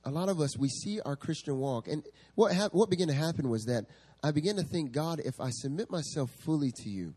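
A male pastor preaching a sermon at a church service, telling stories in an animated way and laughing often. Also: on the high side, a little fast, hardly any pauses, slightly rough.

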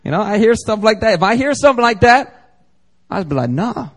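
A man's voice: high voice, very animated, quick pace. A man preaching a sermon as pastor, conversational and joking, acting out little dialogues. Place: church service.

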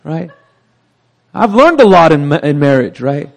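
A man's voice: on the high side, sing-song, a little slow, gravelly. A middle-aged male pastor preaching with energy, often asking the congregation "right?" and laughing at himself. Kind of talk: sermon.

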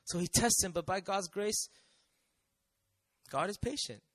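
A man's voice: high-pitched, animated, measured pace, a bit bright, no room sound. A man preaching a sermon in a conversational way, often asking the audience questions and acting out quotes.

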